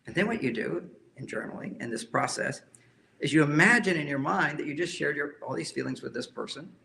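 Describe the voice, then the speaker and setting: Gravelly, bright-voiced male counselor. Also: fairly high pitch, lively intonation, brisk, a little hiss or hum. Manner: emphatic, repeats key phrases. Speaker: relationship counselor. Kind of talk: talk to a live audience.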